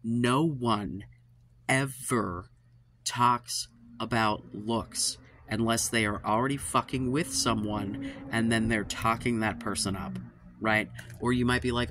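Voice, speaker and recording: A man's voice: medium pitch, steady tone, slow pace, a bit bright, slight background noise. A man hosting his own channel, venting in an exasperated, profane monologue, sighing and trailing off, fed up and worn out. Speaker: channel host giving dating advice. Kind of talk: frustrated monologue to camera.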